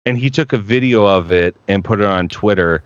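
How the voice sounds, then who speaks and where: A man's voice: on the low side, fairly quick, no room sound, highs cut off. A male voice actor chatting on a live stream, rambling and profane with many restarts. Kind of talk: casual live-stream chat.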